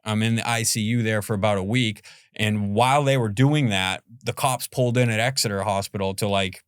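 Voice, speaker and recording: A man's voice: lowish voice, fairly quick, smooth, dry recording, clean studio sound. A man in his forties from Boston, a podcast guest telling a story in a rambling, casual way, full of "like" and "you know" and the odd swear word. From Boston, USA.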